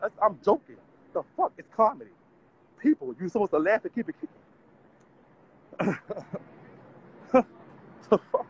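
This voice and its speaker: High voiced guy filming himself on the street, cussing n laughing, dull phone sound. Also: sing-song, unhurried, pauses often, a little hiss or hum. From Louisiana. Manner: brash, profane, laughing between lines. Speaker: vlogger. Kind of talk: casual street vlog rant. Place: outdoors on city streets.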